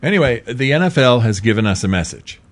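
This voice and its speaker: A man's voice: expressive, fast. Emphatic middle-aged man ranting on air. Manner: emphatic, repetitive, swings between loud outbursts and low asides. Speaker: talk show host. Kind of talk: opinionated commentary monologue.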